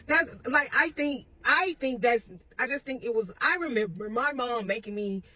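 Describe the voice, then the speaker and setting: A woman's voice: on the high side, normal speed, pushed and bright, no echo. A woman telling a personal parenting story in a casual, blunt, rambling way, with some profanity. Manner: rambling with restarts; confident.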